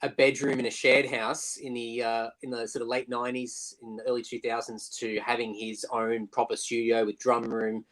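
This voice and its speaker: A man's voice: mid-range voice, little pitch movement, normal speed, few pauses, fairly bright tone, low-quality recording. Chatty man with many restarts. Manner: chatty, lots of fillers and restarts, mimics bandmate. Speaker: musician guest. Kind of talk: casual interview chat. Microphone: video call.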